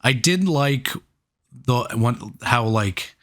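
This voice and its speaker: A man talking loosely about a film he loved, swearing freely and stating blunt opinions. His voice sits at an everyday middle pitch for a man. The talk is casual and unscripted, full of restarts. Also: lively intonation, slow pace, fairly bright tone. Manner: laid-back, swears a lot, blunt opinions. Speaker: podcast co-host, movie reviewer. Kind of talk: casual chat.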